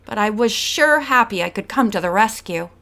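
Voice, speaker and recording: A woman voicing a caring, loyal young man in an audiobook, speaking softly and gently. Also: mid-range voice, expressive, moderate pace. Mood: fond.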